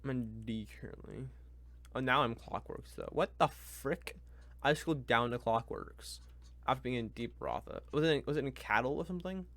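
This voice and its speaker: A young man reacting live to a book, exasperated and ranting, going from mutters to loud complaints. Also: medium pitch, expressive, a little fast, no echo. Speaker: reviewer.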